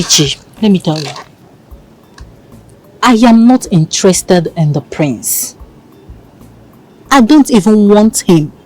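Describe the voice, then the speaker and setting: A devoted young heiress with a Nigerian accent in a film drama. She speaks slowly and tenderly, with a lively, expressive pitch. Soft music plays underneath. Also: poor audio. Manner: tender, reassuring, shifts into pidgin.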